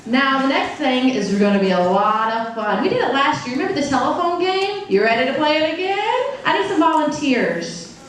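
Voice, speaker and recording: Woman interpreter telling a story to a crowd, high voice that jumps all over, big echoey hall, mic far off. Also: normal speed. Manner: animated, playful, acts out quoted characters. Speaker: sign language interpreter voicing a deaf storyteller. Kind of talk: live stage storytelling and audience games. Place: large room before a live audience. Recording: very echoey hall, picked up from afar.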